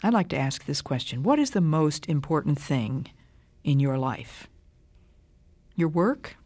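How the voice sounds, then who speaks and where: An older woman giving a scripted radio Bible talk in a measured, emphatic way. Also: low-pitched, very animated, darkish tone, dry recording. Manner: measured, deliberate, emphatic delivery.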